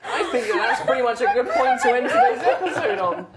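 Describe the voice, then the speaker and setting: A woman's voice: on the high side, very animated, a little fast. A woman running a tabletop game, narrating and getting exasperated with her players. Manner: exasperated, swearing, loud when riled. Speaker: game master. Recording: roomy recording with a loud crowd behind.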